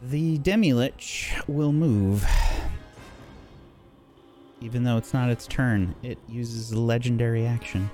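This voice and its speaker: A man narrating as game master in a tabletop game, relaxed and thinking aloud as he goes. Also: mid-range voice, takes it slowly, long pauses, soft background music.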